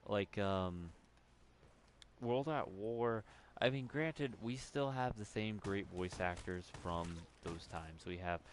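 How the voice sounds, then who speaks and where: A man with a low, deep voice talks through a gaming session in a loose, meandering way. He pauses on ums and uhs, restarts his sentences and swears when he forgets what he meant to say. A faint hiss sits behind his voice. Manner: rambling, many fillers and restarts, swears when losing his train of thought. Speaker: gaming commentator. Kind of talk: casual gameplay commentary.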